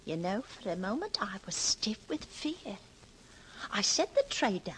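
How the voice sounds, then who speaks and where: Timid landlady, flustered, stammering, pitch swinging wildly, old radio play, faint hiss. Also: sing-song, unhurried, low-quality recording. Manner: flustered, breathless, stammering deference. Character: timid, eager-to-please landlady. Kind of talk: old-time radio drama acting.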